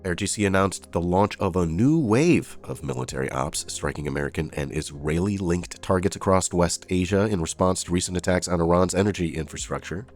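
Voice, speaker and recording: A man's voice: low-pitched, expressive, a little fast, few pauses, faint music behind. A man reading out daily headlines and breaking off into sarcastic, informal asides as a news commentator. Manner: reads headlines then adds sarcastic asides.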